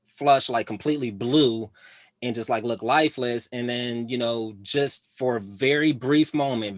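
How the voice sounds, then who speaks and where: Male stand-up comic, laid-back and rambling, mid-pitched voice, dry close sound. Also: a little slow, no room sound. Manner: laid-back, rambling delivery with many fillers. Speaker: stand-up comedian. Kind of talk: stand-up comedy set.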